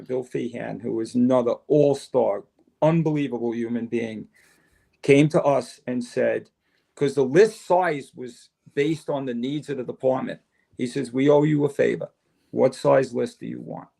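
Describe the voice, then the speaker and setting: Older New man, gravelly, mid-pitched, animated storyteller. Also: unhurried. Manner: animated storyteller, acts out dialogue. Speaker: podcast guest, retired fire chief. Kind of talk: casual storytelling interview.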